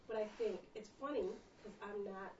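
A woman's voice: mid-range voice, moderate pace, a little mellow, echoey room, distant mic. Woman in her 40s from the Caribbean, audience member, heartfelt delivery, muffled room recording with faint noise. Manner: earnest, searching, emotional. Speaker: audience member asking a question. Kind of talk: conversational discussion.

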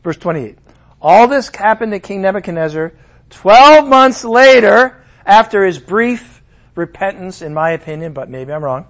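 Man, middle-aged, preacher, sermon, high voice, animated, acts out voices. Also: moderate pace.

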